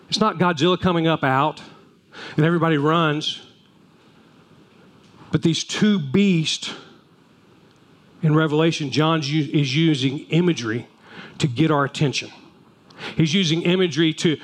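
A man preaching to his congregation, his voice sitting notably high for a man. He tells homely stories and often stops and restarts his sentences, chatty rather than polished. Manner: folksy storytelling with repeated restarts. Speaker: pastor. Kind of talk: sermon.

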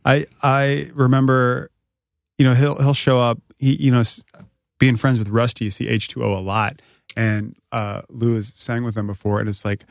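A man's voice: medium pitch, level tone, normal speed, creaky, no echo, clean studio sound. A man co-hosting a podcast, chatting with enthusiasm and poking fun at himself. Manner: enthusiastic, self-mocking. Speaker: podcast co-host. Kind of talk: casual chat.

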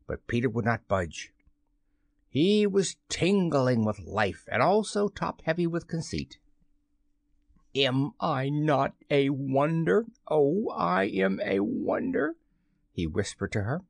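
This scripted narration of a classic children's novel comes from a male audiobook narrator of medium pitch. His storytelling is measured and expressive, captured in studio quality without any room sound.

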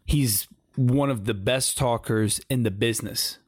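A man co-hosting a podcast, chatting casually about wrestling in a loose, halting way. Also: mid-range voice, breathy edge, no room sound, studio quality. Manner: loose, halting, many restarts. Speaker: podcast co-host.

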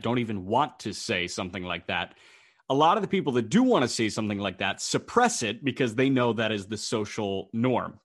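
A young man co-hosting a sports podcast, telling a story in casual chat and acting out the voices of the people in it. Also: medium pitch. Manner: animated storyteller, acts out quoted voices. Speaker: podcast co-host.

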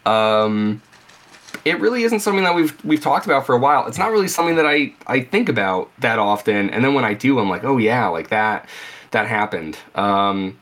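Young male podcast co-host, lively storyteller, plain middle-pitched voice. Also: brisk. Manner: animated storytelling, acting out remembered reactions. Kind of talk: casual podcast chat.

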